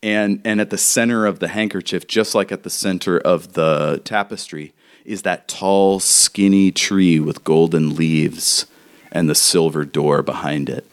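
Low-voiced man running a tabletop game. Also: steady tone. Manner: rambling, halting narration with fillers. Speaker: game master.

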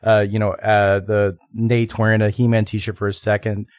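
A man co-hosting a podcast, discussing a film in a halting way with many restarts and mock quotes. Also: lowish voice, little pitch movement, a little mellow, no echo, studio quality. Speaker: podcast co-host.

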